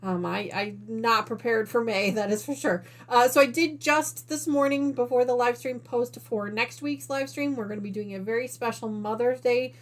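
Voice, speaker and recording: A woman's voice: a little high, normal speed, hardly any pauses. A woman from Northern Illinois hosting a quilting live stream in casual chat, out of breath and chatty, with apologetic asides to her viewers. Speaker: quilting channel host.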